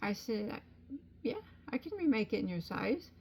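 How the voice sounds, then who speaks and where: Middle-aged woman, crochet vlogger, mid-pitched, chatty and meandering, filler-heavy storytelling. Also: very animated, normal speed, vocal fry, darkish tone, husky. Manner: rambling, chatty, frequent ums. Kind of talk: casual chat and storytelling.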